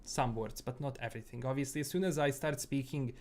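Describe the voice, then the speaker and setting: A young man from Bosnia hosts a gaming livestream, chatting casually and rambling with viewers through many fillers and repeats. He talks at a quick pace in a mid-range, darkish voice, his English carrying British and American sounds with a Bosnian flavor.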